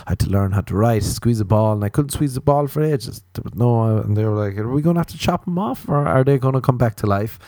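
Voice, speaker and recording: Rambling Irish comedian, dry close sound. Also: male voice, dry recording. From Ireland. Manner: rambling, animated, swings into squealing high voices for emphasis. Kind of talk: comic storytelling monologue.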